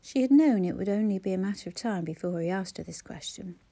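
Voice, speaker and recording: A woman narrates a novel in a measured, even storytelling voice. Her tone is mellow and dark, never sharp. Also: medium pitch. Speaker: audiobook narrator. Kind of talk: scripted narration.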